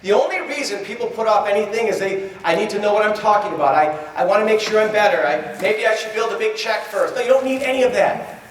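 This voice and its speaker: A man giving a live motivational seminar talk, animated, acting out little dialogues and quizzing the crowd. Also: high voice, fast, a little hiss or hum. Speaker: motivational trainer. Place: large event hall. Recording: echoey hall from far off.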